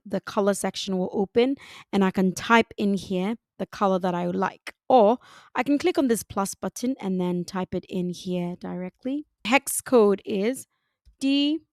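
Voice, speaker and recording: A woman narrating a screen-recorded design tutorial, giving unhurried step-by-step instructions. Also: mid-range voice, darkish tone, dry recording, studio quality.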